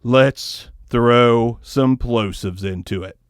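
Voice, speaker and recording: A man's voice: medium pitch, animated, unhurried, clear, resonant tone, dry recording, clean studio sound. A man casually reviewing a microphone at his desk, rambling and joking about himself, keeping a Southern US accent toned down. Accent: tones down a Southern US accent. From American South. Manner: rambling, joking, self-deprecating. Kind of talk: casual mic test review. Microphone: ribbon microphone, close and moved around.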